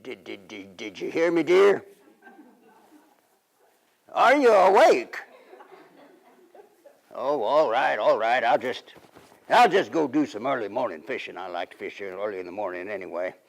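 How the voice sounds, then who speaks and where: A man's voice: medium pitch, lively intonation, unhurried, vocal fry, long pauses. A middle-aged man, playing a folksy, rambling 1880s riverboat man and husband in a period monologue.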